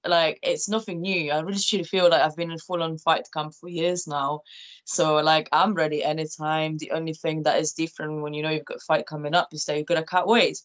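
A young woman chats on a podcast. Her voice sits lower than most women's. She sounds easygoing and talks in a loose, chatty way. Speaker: podcast guest. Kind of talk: casual chat.

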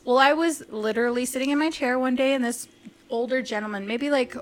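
A woman hairstylist co-hosting a podcast, telling a story in a lively, chatty way, acting out voices and laughing often. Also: high voice, brisk. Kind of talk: casual storytelling chat.

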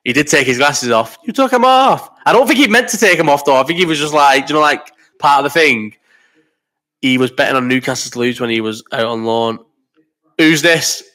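A man's voice: mid-range voice, a little fast, pushed and bright. A man in his thirties hosting a casual live chat, rambling and swearing as he reads out comments while sick with a cough. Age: 30s. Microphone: desk microphone.

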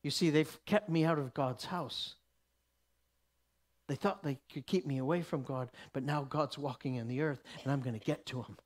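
A man voicing the inner thoughts of a desperate, determined sick woman, low and quiet. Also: normal speed, close to an everyday voice. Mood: resolute.

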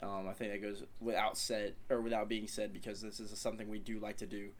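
A man's voice: fairly low pitch, level tone, fast talker, a little hiss or hum. Rambling young man co-hosting a podcast. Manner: rambling, searches for words. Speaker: podcast co-host. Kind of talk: casual sports chat.

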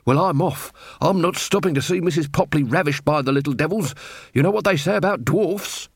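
A man's voice: fairly high pitch, brisk, no echo, studio quality, voice pushed up. A man voicing a flustered, gossipy male grocer in an audiobook reading.

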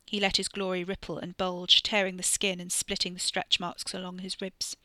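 Sex: woman. Style: scripted narration. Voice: bright. Mic: close, dry. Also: fairly low pitch, completely flat delivery, normal speed, no room sound. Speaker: audiobook narrator.

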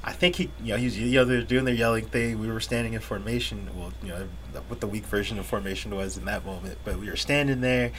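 A man's voice: on the low side, fairly even intonation, quick pace, few pauses, slight background noise. Laid-back profane man telling stories. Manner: profane, laughing, acts out yelled quotes. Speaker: podcast co-host. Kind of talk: casual storytelling chat.

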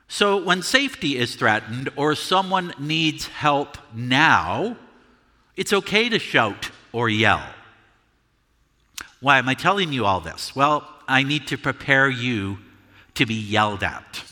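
Bright-voiced preacher in a reverberant church. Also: male voice, fairly high pitch. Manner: measured preaching, shouts example words. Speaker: pastor. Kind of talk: sermon.

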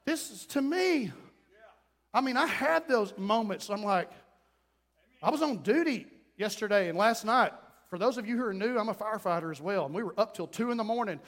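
A middle-aged man preaching a sermon as pastor, emphatic and repetitive, with quick self-talk asides. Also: high voice, animated, fairly bright tone. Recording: long reverb in a hall.

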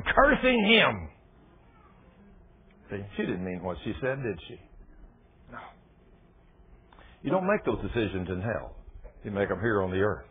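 A man preaching a sermon, telling stories dramatically and swinging from loud exclamations to hushed, low lines. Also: a little hiss or hum. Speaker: pastor. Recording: tinny phone-like sound.

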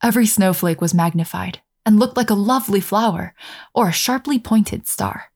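A woman narrating a fairy tale in a gentle, measured storytelling manner. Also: mid-range voice.

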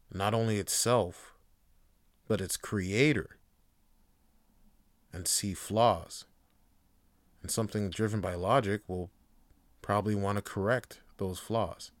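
A man's voice: low-pitched, no room sound. Profane man ranting on a podcast. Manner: profane, swings from rants to quiet musing. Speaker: podcast host. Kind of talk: casual monologue.

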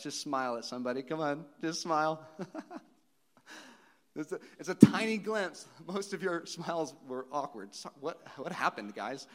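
Guy in his 30s preaching, lively, laughs a lot, goes real soft sometimes, church. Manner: animated, laughing often, dropping to soft near-whisper lows. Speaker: pastor. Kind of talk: sermon.

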